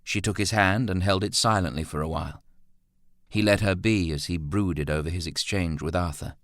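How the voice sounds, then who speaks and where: Low-pitched male audiobook narrator, dry and close. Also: normal speed, no echo. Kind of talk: scripted narration.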